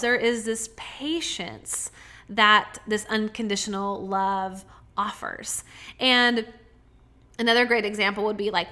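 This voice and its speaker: A woman hosting a self-help podcast, speaking softly and earnestly, with slow stretched words. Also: a little high. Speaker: podcast host.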